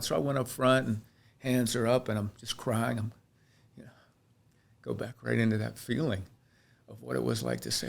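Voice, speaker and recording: A man's voice: mid-range voice, animated, moderate pace, vocal fry, pauses often. A man from Pennsylvania, a chiropractor and podcast guest, telling his life story in an earnest, reflective way with frequent restarts. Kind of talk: candid personal storytelling in a podcast interview.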